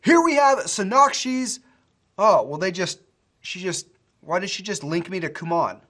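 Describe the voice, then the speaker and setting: Going over students' projects in an informal screen-share, this coding instructor gushes with excitement and rambles, often restarting. His medium-pitched voice keeps a measured pace, with a slight hiss or hum present.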